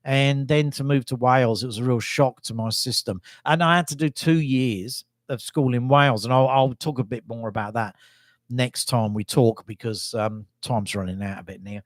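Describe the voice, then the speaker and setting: Middle-aged English man, mid-pitched voice, dry close sound, rambling self-mocking vlogger. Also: moderate pace, no room sound. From England. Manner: rambling, self-deprecating, chuckling asides. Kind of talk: casual storytelling monologue.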